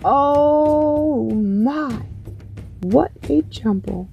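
A woman reads a picture book aloud to children, her high voice swooping up and down with every playful question. She takes her time, drawing out each line in a sing-song, dramatic way. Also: very animated, slow, dark tone, soft background music. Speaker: children's story reader.

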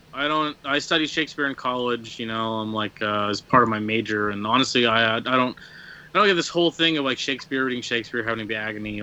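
Bright-voiced man in rambling casual chat. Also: mid-range voice. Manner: rambling, many fillers and restarts. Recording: dull lo-fi sound.

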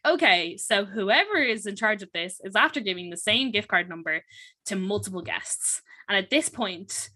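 A young woman with an Irish accent chatting casually, telling a long story in a chatty way with lots of "like" and fillers. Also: medium pitch. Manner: chatty, animated retelling full of fillers and "like".

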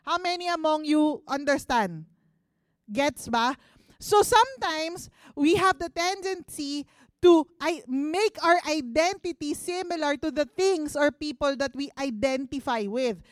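Filipino lady pastor preaching, pretty high voice, dry close sound, chatty, keeps asking the crowd stuff. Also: animated, measured pace, no echo. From Philippines. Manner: conversational, mixes Tagalog into English, asks the congregation questions. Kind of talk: sermon. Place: church service.

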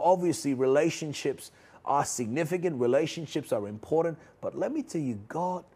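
A man with a slightly husky voice delivers a sermon. He speaks earnestly and pleadingly, returning to the same phrases for emphasis. He often sinks into a soft, low delivery before lifting again. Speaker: preacher.

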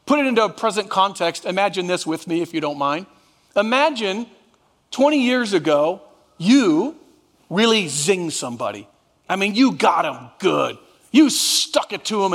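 A man's voice: high-pitched, fairly bright tone, big-room sound. A man preaching a sermon as pastor, drawing the congregation into call and response. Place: church sanctuary.

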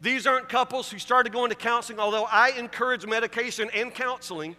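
A man's voice: very high-pitched, brisk, sharp tone, in a large hall. A man preaching a sermon, pressing the congregation with emphatic, repeated rhetorical questions. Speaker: pastor.

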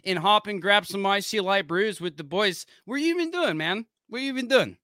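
Man hamming up a high, bright, hyped Pittsburgh yinzer who brags about his city. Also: expressive, fairly quick, no room sound, clean studio sound. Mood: rowdy bragging. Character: rowdy male Pittsburgh local bragging about his city.

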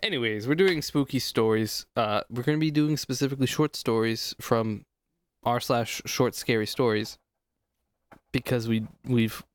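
A man co-hosting a casual podcast, teasing his partner with quick quips and swearing freely. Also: mid-range voice. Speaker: podcast co-host. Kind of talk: casual chat.

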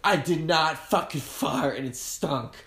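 A man's voice: a little high, sing-song, measured pace, echoey room. A man in casual crude chat, laughing often and acting out silly voices.

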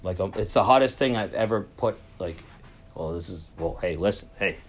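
A man with a low-pitched voice and moderate pace tells a rambling solo podcast story from a cruise ship cabin. He swears freely and wanders off topic, with public announcements in the background.

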